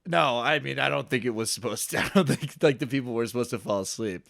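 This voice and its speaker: A man's voice: medium pitch, fast, gravelly, fairly bright tone. A young man co-hosting a podcast, telling a self-deprecating story in a rambling way full of "like". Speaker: podcast co-host. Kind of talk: casual storytelling chat.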